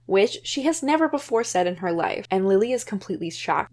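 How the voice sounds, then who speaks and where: A woman's voice: mid-range voice, animated, fairly quick, few pauses. Chatty young woman recapping a book. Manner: chatty, conversational with fillers. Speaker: podcast host.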